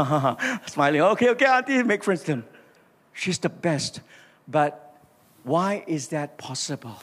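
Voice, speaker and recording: An older man with a Malaysian English accent preaching a sermon, acting out dialogue and calling on the congregation to respond. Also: fairly high pitch. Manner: animated storytelling, acts out dialogue, asks congregation to respond. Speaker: pastor. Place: large church auditorium. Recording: reverberant church hall.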